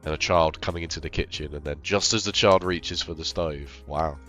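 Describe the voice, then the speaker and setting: A man with a very low voice comments casually on his own game. He is unwell and thinks aloud, rambling and poking fun at his own choices. Quiet game music runs in the background. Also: a little fast. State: ill. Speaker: game streamer.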